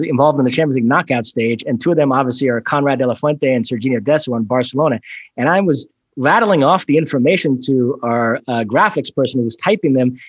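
A man co-hosting a soccer podcast, explaining things in a brisk, detailed, analytical way. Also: mid-range voice, husky, dry recording. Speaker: podcast co-host. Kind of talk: casual soccer podcast chat.

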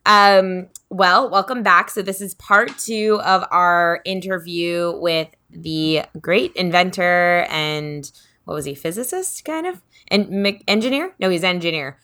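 A woman's voice: on the low side, lively intonation, slow pace, bright, forceful tone. A woman hosting a casual podcast, chatty and giggly, with lots of filler words. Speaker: podcast host.

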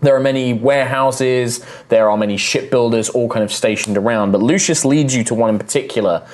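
A man's voice: mid-range voice, brisk, darkish tone. A man narrating as game master of a tabletop game, in a rambling way with many fillers.

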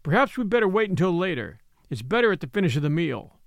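A man's voice: high-pitched, sing-song, quick pace, vocal fry, no echo, clean studio sound, full character voice. A man voicing a courteous camp cook. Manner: formal and polite. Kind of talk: audiobook reading.

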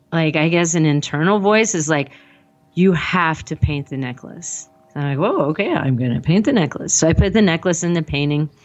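A woman's voice: low voice, highs cut off. A woman telling a personal story in conversation, rambling and acting out the dialogue with lots of "like". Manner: rambling, acts out the dialogue, frequent "like".

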